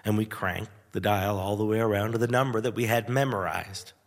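A man hosting a radio show, telling a nostalgic story in a wry, animated way with chuckles and dramatic pauses. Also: on the low side, in a large hall. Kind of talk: nostalgic first-person storytelling.

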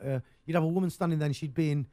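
Rambling english radio guy, jokey, mellow, dry close sound. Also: on the high side, steady tone, very fast, dry recording. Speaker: radio show host. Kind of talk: casual on-air banter.

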